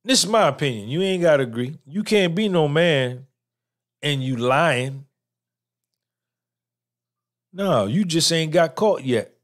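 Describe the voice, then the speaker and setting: A man's voice: on the high side, animated, a little slow, long pauses. A man hosting a podcast in a casual monologue, blunt and preachy, full of slang and checking in with "right?". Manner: asks for agreement with "right?". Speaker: podcast host.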